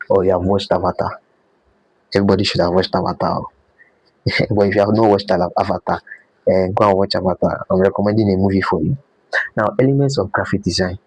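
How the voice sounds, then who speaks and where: A man's voice: low-pitched, darkish tone, slightly rough, dry recording, low-quality recording. A man teaching a live design class, repeating his points and quizzing students with "what?". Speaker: design instructor.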